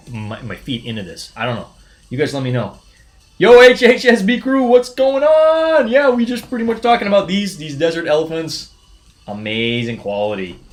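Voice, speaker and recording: A man hosting a live sneaker unboxing stream, talking in a casual, excitable way and often stumbling and restarting his sentences. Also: medium pitch. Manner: excitable, chatty, frequent restarts and stammers. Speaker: sneaker livestream host.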